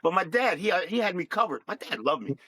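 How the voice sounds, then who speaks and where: Bright-voiced man telling his life story. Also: high voice, expressive, poor audio. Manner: plain, reflective, unhurried. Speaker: guest. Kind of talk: personal storytelling.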